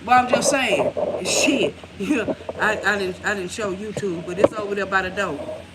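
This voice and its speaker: Woman, tarot reader, casual vlog, rambling, profane, laughs a lot, mid pitch, noisy recording. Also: moderate pace. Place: room at home.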